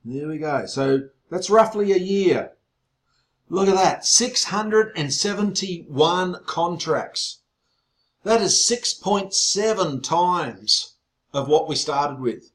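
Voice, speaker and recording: Excitable man hosting a webinar. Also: high voice, takes it slowly. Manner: excitable, gets loud, teasing banter. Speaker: webinar host. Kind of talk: online sales webinar presentation.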